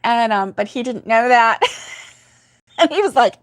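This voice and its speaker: A woman's voice: fairly high pitch, lively intonation, measured pace, pauses often. An older woman hosts a casual livestream, telling a story in a chatty way, laughing often and reading viewer comments aloud. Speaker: host of a crochet livestream.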